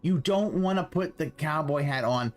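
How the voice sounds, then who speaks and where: A man's voice: on the high side, normal speed, soft background music. A man commentating over a stream, mocking the streamer in a profane, sarcastic rant.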